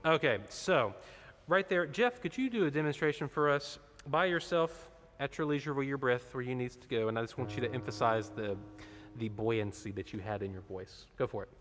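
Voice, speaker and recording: A man's voice: mid-range voice, normal speed, a bit bright. A man directing a choir rehearsal, explaining parts and singing short demonstrations between instructions. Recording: reverberant room with instrument behind.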